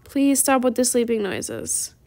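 A woman's voice: fairly high pitch, a little slow, vocal fry, a little mellow. A teenage girl chatting casually while playing a game, tired and rambling with lots of "like". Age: teens. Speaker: gaming YouTuber. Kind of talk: casual gameplay chat.

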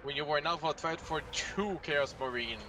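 A man's voice: fairly high pitch, fairly quick. A man playing a co-op game with friends on voice chat, joking and swearing. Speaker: co-op player on voice chat. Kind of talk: casual gaming chat with friends. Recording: noisy, distant voice chat mic.

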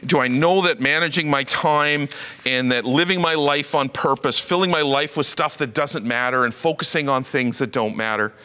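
An animated male pastor preaching with a bright, lively voice that climbs and dips across a wide range. His delivery is conversational, full of asides. It rings out with a long reverb, as in a large church hall. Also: fairly high pitch. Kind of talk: sermon. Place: church auditorium.

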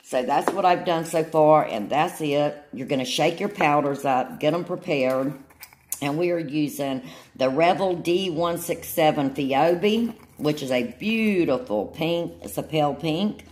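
A woman with an unusually deep, low voice and a drawl walks through a nail demonstration. She talks in a chatty, homey way and keeps pausing to check in with her viewers. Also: a little mellow. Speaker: nail tutorial host. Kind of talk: casual demonstration tutorial.

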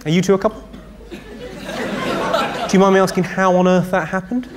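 A man doing a stand-up comedy set on a theatre stage, trading deadpan one-liners and banter with the audience. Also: high voice, a little fast, a crowd in the background. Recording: live show with loud audience noise.

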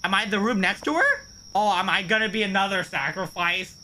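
Jumpy streamer, very lively pitch. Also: a little fast. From United States. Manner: jumpy, yelps and rambles nervously. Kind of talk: live horror gameplay commentary. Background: game music.

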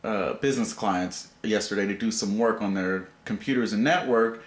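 Angry man ranting in an echoey room. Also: normal speed. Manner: heated, swears constantly, wildly varying pitch. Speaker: vlogger telling a story. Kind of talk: angry profane storytelling.

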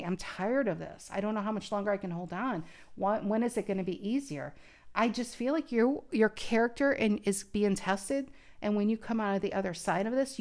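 A woman's voice: mid-range voice, a little mellow. A woman giving a casual tarot reading to camera, speaking earnestly and thinking aloud with frequent restarts. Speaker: tarot card reader.

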